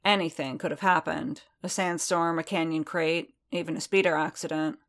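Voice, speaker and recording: A woman narrating a story aloud in a steady, even storytelling manner. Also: low voice, normal speed. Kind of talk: audiobook reading of fan fiction.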